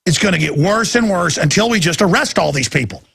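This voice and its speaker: Brief: male talk host, gravelly and forceful, sarcastic ranting monologue. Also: sits high, animated, brisk. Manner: angry, sarcastic and emphatic.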